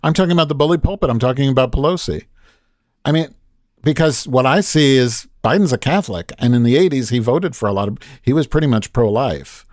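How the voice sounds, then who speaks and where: A man's voice: mid-range voice, animated, fairly quick, no room sound, studio quality. A man co-hosting a podcast, delivering a heated, profane rant in casual chat. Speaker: podcast co-host.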